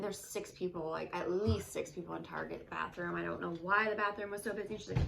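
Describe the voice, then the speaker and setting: Gravelly-voiced mom telling stories. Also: female voice, on the low side, quick pace, slight background noise. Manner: animated storytelling, acts out her child's voice. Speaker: co-host. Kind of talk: casual chat.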